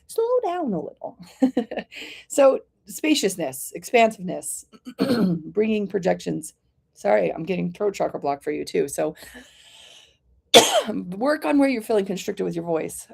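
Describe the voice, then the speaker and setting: A woman giving live oracle card readings to viewers, calling them by name in a gentle, reassuring, chatty way and often clearing her throat. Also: medium pitch, sing-song, a little slow, long pauses.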